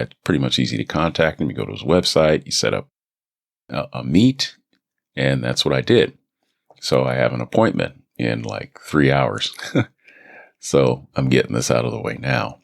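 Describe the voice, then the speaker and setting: A man's voice: very deep voice, creaky. A man hosting a voice-acting podcast, talking casually and rambling into a studio microphone. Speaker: podcast host and voice actor.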